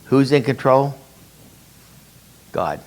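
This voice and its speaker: A man's voice: medium pitch, lively intonation, extremely slow, a little mellow. A man leading a conversational Bible study, explaining through rhetorical questions and repeating his key points. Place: church meeting room.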